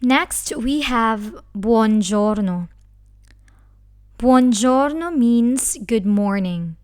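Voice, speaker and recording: A woman teaching a language lesson who speaks slowly and carefully, breaking words into syllables. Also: fairly high pitch, expressive, a little mellow, clean tone. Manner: slow, careful, spells out syllables. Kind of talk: slow scripted lesson.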